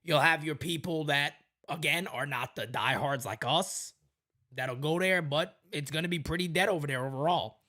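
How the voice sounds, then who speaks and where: A man's voice: a little high, normal speed, bright, forceful tone. A man hosting a sports talk podcast, making his points emphatically and repeating them for weight. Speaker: host.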